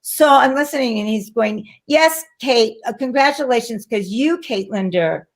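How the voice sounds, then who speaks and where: A middle-aged woman telling a story as an interview guest in casual chat, lively and acting out what others said. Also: on the high side, normal speed. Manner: animated, acts out quoted voices. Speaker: guest, actress and flight attendant.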